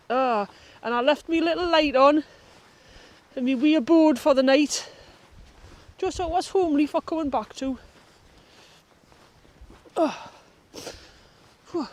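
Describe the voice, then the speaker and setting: A middle-aged woman from North East England rambles to the camera in a Geordie accent, poking fun at herself as an outdoor vlogger on a wild camping trip. Her voice is high and slow, with long pauses, and the low-quality recording echoes as she moves between the open air and a concrete bunker on a windy hill.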